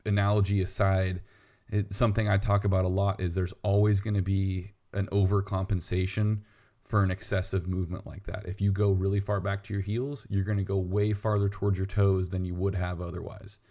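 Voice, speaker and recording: A man with a fairly low voice talks through lifting technique on a podcast. He explains patiently, in a relaxed conversational way, and drops in wry, teasing jokes at his co-host. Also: brisk. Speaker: podcast co-host, weightlifting coach. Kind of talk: casual coaching chat.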